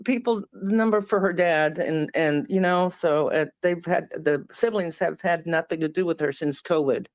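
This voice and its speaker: A woman's voice: on the low side, normal speed, few pauses, dry recording. A woman from New Mexico ranting heatedly and swearing as a panel guest on a live stream. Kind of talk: casual live-stream chat.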